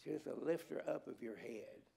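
A middle-aged man delivers an emphatic sermon from a church pulpit. His voice is gravelly and pitched a little high. He exhorts the listeners and repeats key words to drive his points home. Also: moderate pace, warm tone. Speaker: preacher. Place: church sanctuary at a conference.

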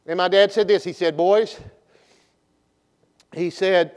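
Preacher guy, high voice, folksy, quiet then loud, big echoey church. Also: steady tone, slow pace, pauses often. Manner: folksy storytelling, swings from hushed to booming. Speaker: pastor. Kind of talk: revival sermon. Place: church sanctuary. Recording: long church reverb.

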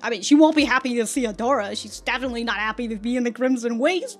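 Female reaction vlogger, casual, animated and sweary, with a slightly high voice. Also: fast, few pauses, faint music behind. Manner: swears freely, laughs often, animated storytelling. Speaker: reaction video host.

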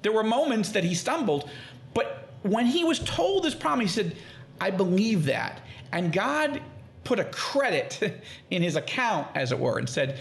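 Here a podcast guest discusses Bible teaching in conversation, his gravelly voice sitting high and his pace measured. He's animated and voices quoted speech in lively tones.

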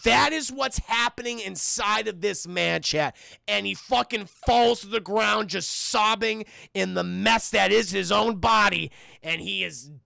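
A young man streaming a cartoon review, talking casually and excitably to his chat, with lots of swearing. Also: sits high, measured pace, vocal fry, no room sound, clean studio sound. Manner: profane, excitable, talks to chat.

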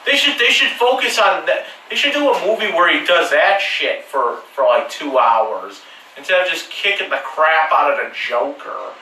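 A man's voice: a little high, lively intonation, moderate pace, pushed and bright, slight background noise. A man talking in a rambling, crude and joking way, full of swearing and restarts. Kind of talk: rambling casual monologue. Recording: echoey room, mic far off.

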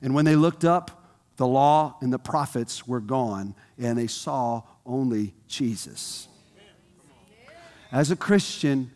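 A man's voice: medium pitch, a little mellow. A man preaching a sermon in a conversational way, asking the congregation questions, recorded in a church. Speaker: pastor. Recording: long hall reverb.

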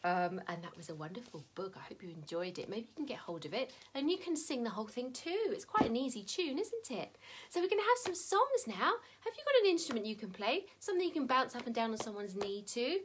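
A woman leading a live-streamed children's singalong, chatting warmly and cheering the kids on. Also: a little high, big pitch swings, fairly quick, noisy background. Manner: bubbly, encouraging, talks straight to young children. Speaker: children's music session leader. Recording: loud strummed guitar over the voice.

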